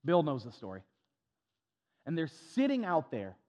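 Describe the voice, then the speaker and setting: A man's voice: a little high, huge pitch swings, a little slow, darkish tone, long reverb tail, lo-fi sound. A man preaching a sermon as pastor, emphatic and repetitive, with folksy humor and stuttered restarts.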